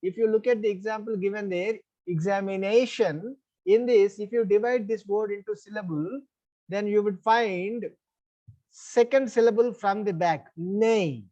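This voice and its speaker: A man's voice: high-pitched, a little slow, warm tone, dull audio. A man with an Indian English accent teaching an online English class. He explains the rules step by step, repeats them, and checks that the students follow. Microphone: online class call.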